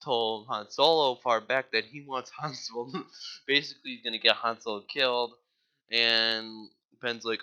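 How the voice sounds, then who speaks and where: A man's voice: medium pitch, fairly even intonation, unhurried, sharp tone, muffled recording. A man giving a casual, rambling movie plot recap, full of "like" and offhand swearing. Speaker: movie reviewer.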